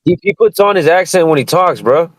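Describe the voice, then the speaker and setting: Fast-talking man saying "bro" and "dude". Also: fairly high pitch, expressive, dry recording, poor audio. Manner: fast, slangy, ends phrases with "bro" and "dude". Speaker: podcast panelist. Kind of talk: casual boxing chat.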